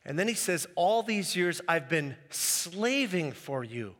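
A man preaching a sermon as pastor, animated and acting out the quoted voices. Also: high voice, slow, big-room sound.

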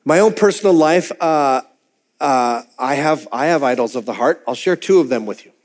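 Speaking at medium pitch with lively intonation and a moderate pace, a man delivers a sermon as a pastor. His talk is candid and conversational, full of restarts and repeated words, and he voices his own thoughts as if quoting them.

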